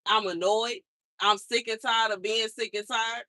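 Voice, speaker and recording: Bright-voiced woman venting in anger. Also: a little high, flat delivery, normal speed, no echo. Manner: exasperated, repeats herself for emphasis. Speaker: vlogger. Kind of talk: angry venting monologue. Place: outside her mother's house.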